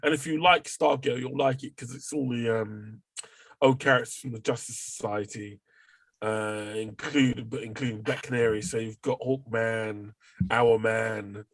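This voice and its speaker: A man's voice: medium pitch, fairly even intonation, measured pace, vocal fry, no echo. A man hosting a casual podcast chat. He rambles with lots of fillers and the odd swear word. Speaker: podcast host.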